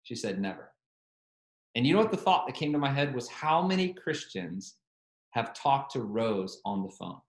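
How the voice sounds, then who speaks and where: A man's voice: mid-range voice, expressive, moderate pace, reverberant. A man preaching a sermon, telling a story with animation and quoting both sides of a phone call.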